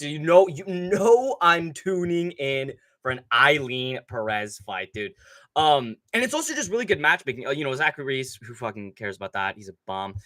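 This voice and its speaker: A young man hosting a live stream, chatting casually with lots of swearing and slang, excitable and loose. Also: medium pitch, a little fast, no echo. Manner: profane, excitable, loose slangy talk with lots of "bro" and "dude". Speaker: livestream host. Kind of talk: casual livestream chat.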